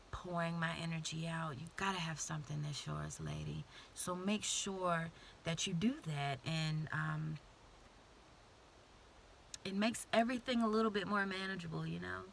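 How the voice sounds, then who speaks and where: A woman giving a casual, heartfelt vlog talk to her viewers, often dropping into soft whispers. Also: lowish voice, steady tone, unhurried, gravelly, a little hiss or hum. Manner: warm, intimate, drifts into soft whispers. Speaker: vlogger. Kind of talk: casual motivational talk to camera.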